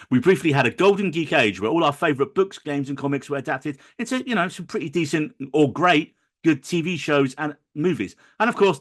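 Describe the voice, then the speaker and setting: A man hosting a podcast, reading a sarcastic, ranting intro in a casual way. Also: mid-range voice. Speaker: podcast host. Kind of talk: casual chat and scripted intro rant.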